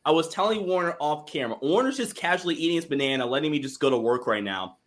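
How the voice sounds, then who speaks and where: Excitable sports talk man. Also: on the high side, quick pace. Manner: excitable, rambling, restarts often. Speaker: co-host.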